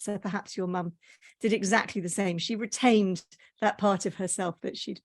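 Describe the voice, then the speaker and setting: A woman's voice: medium pitch, steady tone, normal speed, no echo. Woman hosting an interview, laughs a lot, dry close mic. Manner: warm praise, laughs often. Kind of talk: conversational interview.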